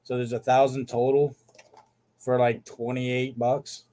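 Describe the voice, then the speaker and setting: A man's voice: medium pitch, level tone, a little slow, mellow. A man hosting a live card-sale stream, chatting casually and listing cards as he shows them.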